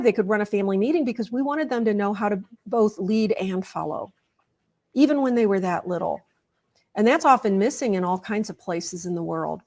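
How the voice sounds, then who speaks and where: A woman guest on an interview show, earnestly explaining ideas with stories and examples. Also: medium pitch.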